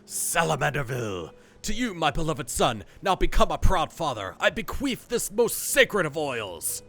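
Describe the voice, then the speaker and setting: A man's voice: on the high side, big pitch swings, normal speed, pushed and bright, soft background music, pitched above the performer's own voice, exaggerated voice. A man voicing a stately old noble father in a game, declaiming in a solemn, ceremonious way.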